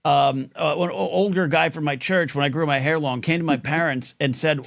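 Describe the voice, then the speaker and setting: A man hosting a live call-in talk show, rambling and excitable with lots of restarts. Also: on the high side, a little fast, vocal fry, few pauses, no room sound, studio quality. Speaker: host.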